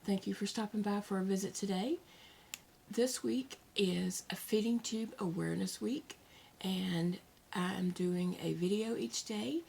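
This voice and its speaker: A woman with a Southern American accent talking casually to her viewers at home, candid and soft-spoken with pauses and fillers, emotional after crying. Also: mid-range voice, creaky, a little hiss or hum. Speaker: vlogger. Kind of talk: casual vlog talk to camera. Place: at home, indoors.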